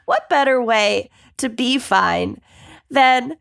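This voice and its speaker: A congested woman co-hosting a podcast in casual chat, deadpan and ironic. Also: a little high, takes it slowly, creaky. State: congested with sinus infection. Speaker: podcast co-host.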